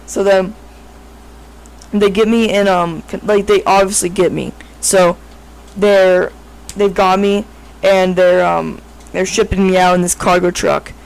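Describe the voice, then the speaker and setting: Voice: medium pitch, flat delivery, a little slow, gravelly, long pauses, clear, resonant tone, poor audio. Rambling casual storyteller, full of fillers. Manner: rambling, filler-heavy, frequent self-corrections.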